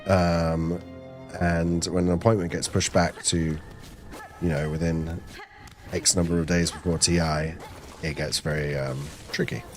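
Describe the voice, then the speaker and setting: A young man with a low, flat voice streams a game on a team channel at a measured pace, with soft music in the background. He chats casually and playfully with viewers, rambles, talks to himself and the chat, and now and then breaks into silly voices.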